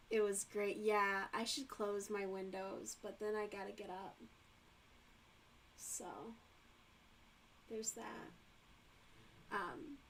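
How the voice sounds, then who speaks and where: A woman's voice: medium pitch, a little hiss or hum. A woman hosting a livestream and chatting casually while she crochets, laughing often and swearing freely. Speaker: livestream host.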